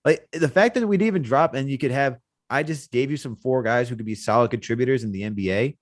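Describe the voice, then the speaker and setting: A male podcast co-host, talking sports in a casual, animated, rambling way. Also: fast, no room sound, clean studio sound. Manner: animated, rambling, jumps in pitch when excited.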